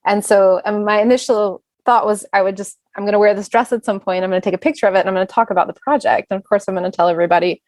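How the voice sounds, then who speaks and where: A woman who is a singer and bandleader, chatting as a guest in a relaxed, reflective way. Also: medium pitch, racing, few pauses, no room sound. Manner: chatty, reflective, speeds up when listing plans. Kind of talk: casual conversation.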